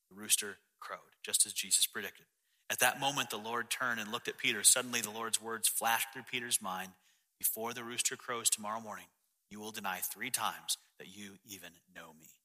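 A man preaching a sermon as the pastor, reading scripture passages in a lower, softer voice. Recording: long hall reverb.

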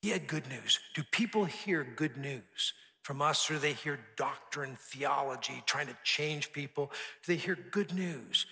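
A man's voice: on the high side, a little slow, bright, forceful tone. A man preaching a sermon, telling a story earnestly and building emphasis through repeated phrases. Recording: long hall reverb.

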